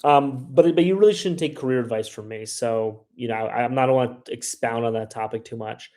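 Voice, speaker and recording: Guy hosting a travel livestream, rambly casual chat, tons of "like", mid pitch. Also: a little fast, a little mellow. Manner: rambling, frequent "like" and "you know what I mean", puts on voices when quoting people. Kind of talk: casual livestream chat reading viewer questions.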